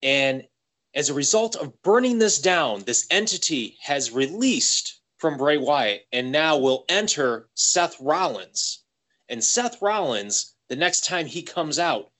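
A man's voice: on the high side, sing-song, slow, a bit bright. A man co-hosting a casual wrestling podcast, playfully laying out a wild theory. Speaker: podcast co-host. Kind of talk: casual chat.

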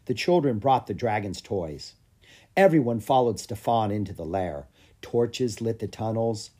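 A man reading a children's book aloud as scripted narration, with a lively storytelling manner. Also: fairly low pitch, unhurried. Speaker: audiobook reader.

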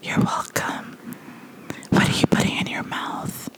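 A young woman co-hosting a podcast in a whispered chat, teasing bluntly and swearing. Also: measured pace. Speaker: podcast co-host.

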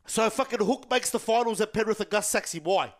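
A man's voice: high voice, brisk. A man, a podcast co-host who needles the others with repeated questions. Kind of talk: heated sports banter.

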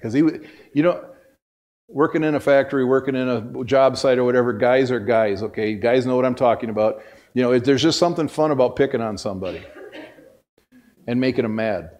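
A man's voice: medium pitch, fairly quick, darkish tone. A middle-aged male pastor giving a casual, storytelling sermon in a church, folksy and self-deprecating, often restarting his sentences. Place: church sanctuary.

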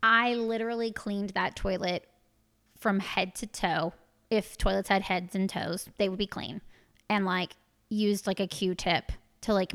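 Woman, 30s, podcast co-host, casual chat, wry, swears a lot, filler-heavy, mid pitch. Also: vocal fry, fairly bright tone. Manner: wry, profane, lots of "like" fillers.

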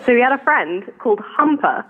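A woman's voice: fairly high pitch, very animated, fairly quick, breathy edge. A British woman calling in by phone, candid and self-conscious, often laughing at herself. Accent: British English. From England. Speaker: caller. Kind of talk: phone-in conversation. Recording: tinny phone line.

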